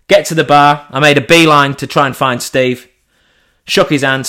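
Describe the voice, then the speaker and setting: A man's voice: medium pitch, moderate pace, bright, forceful tone. A man telling a cheeky anecdote casually, swearing and acting out the dialogue. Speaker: storyteller.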